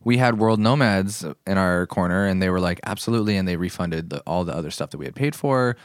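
A man's voice: deep voice, animated, brisk, clean tone, no room sound, clean studio sound. A young man co-hosting a podcast, telling a travel story in a joking, casual way. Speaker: podcast co-host. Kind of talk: casual chat.

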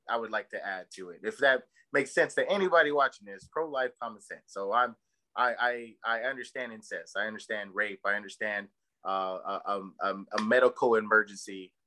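Male podcast co-host, casual chat; bright, tense tone; rambling, profane, emphatic storyteller. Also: on the low side, a little fast, poor audio. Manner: heated and emphatic.

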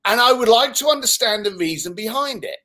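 Animated London man telling stories. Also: very high-pitched, brisk. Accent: London English. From London, England. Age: 50s. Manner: animated, swearing, laughs while telling stories. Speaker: interview guest. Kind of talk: casual storytelling in conversation.

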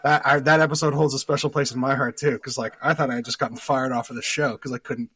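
A man's voice: medium pitch, steady tone, fast talker, a bit bright, husky. Canadian man telling rambling stories. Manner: rambling storyteller, laughs often, many fillers. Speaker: actor guest. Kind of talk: casual podcast interview.

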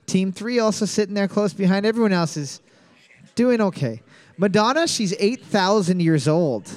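A man with a notably high voice runs a live trivia night at a bar. He reads the questions and scores in an announcing tone, then slips into quick jokes between them. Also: lively intonation. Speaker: trivia host.

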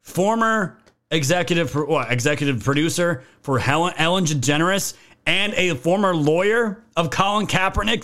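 A man's voice: a little high, lively intonation, moderate pace, sharp tone. A man hosting a political commentary video, ranting in a heated, profane way and calling his viewers fam.

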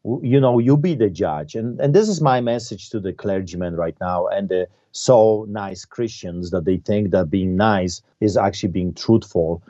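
A man's voice: on the low side, moderate pace, few pauses, dark tone, muffled recording. A male pastor speaking in an interview, impassioned and emphatic, repeating phrases for force. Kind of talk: fiery preaching in an interview.

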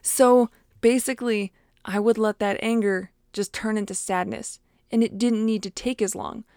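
A woman's voice: mid-range voice, steady tone, moderate pace, darkish tone, smooth, no echo. Chatty woman coaching in a dry room. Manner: conversational, with frequent fillers and quoted self-talk. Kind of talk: casual podcast monologue.

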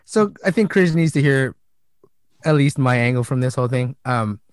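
A man chatting casually as a podcast co-host, telling a story in an animated way and laughing often. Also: medium pitch, normal speed, a little hiss or hum. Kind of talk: casual chat.

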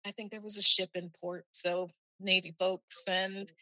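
A woman recounting a personal experience in a halting, candid way, often restarting her sentences. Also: medium pitch, level tone, bright, forceful tone, no echo.

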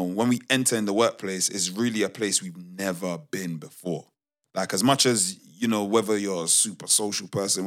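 Low-voiced man telling retail stories casually. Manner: animated, slangy, many restarts. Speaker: podcast co-host. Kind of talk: casual storytelling chat.

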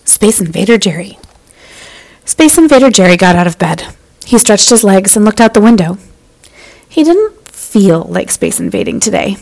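A woman narrates a bedtime-style children's story as host of her podcast. She speaks to young listeners in a lively, friendly manner. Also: medium pitch, normal speed, low-quality recording.

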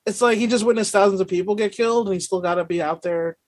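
A man's voice: high voice, fast talker. A man co-hosting a comedy podcast, throwing in playful ironic quips. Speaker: podcast co-host. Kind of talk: casual comedic chat.

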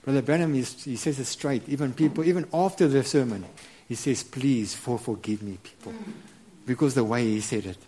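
A middle-aged man preaching a sermon, halting and earnest, with many repeated words and restarts. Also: medium pitch, warm tone, a little hiss or hum. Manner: earnest and reverent.

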